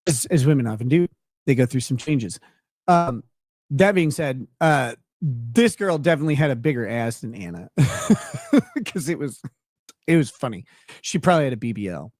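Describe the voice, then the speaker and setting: A man's voice: medium pitch, expressive, moderate pace, long pauses, darkish tone, dry recording, studio quality. A man from Minnesota, hosting a show and telling a rambling story in casual chat, laughing often and restarting his sentences. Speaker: show host.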